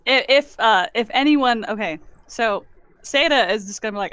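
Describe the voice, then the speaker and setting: A woman playing in an online tabletop game, chatty and quick to laugh. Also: medium pitch, fairly bright tone, no room sound. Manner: giggly, chatty. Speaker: player. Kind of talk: casual tabletop game chat.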